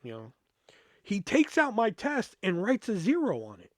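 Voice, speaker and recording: A man with a fairly high voice tells a meandering story from his school days. He swears constantly, pads his sentences with filler words and keeps restarting them. The sound is dry, with no room echo. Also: huge pitch swings, normal speed. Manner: rambling, heavy swearing, many fillers. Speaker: podcast host. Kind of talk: casual storytelling.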